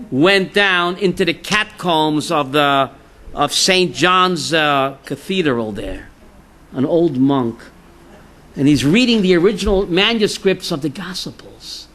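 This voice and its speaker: A rabbi with a high, bright voice gives an informal class. He jokes and tells stories and keeps checking in with the room by asking "right?". His punchlines are sometimes shouted. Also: lively intonation, slow pace.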